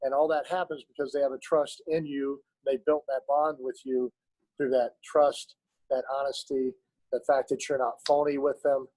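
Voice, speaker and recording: A man's voice: medium pitch, little pitch movement, normal speed, warm tone, dry recording, poor audio. A middle-aged man, a basketball coach, telling stories in an interview in an earnest, emotional way with many restarts. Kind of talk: storytelling in an interview.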